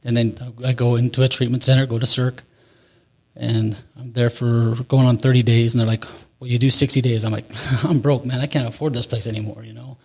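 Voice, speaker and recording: Man, forties, interview guest, rapid speech, rambling, nervous laughs. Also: mid-range voice, level tone, creaky, a little mellow. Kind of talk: candid recovery story, conversational.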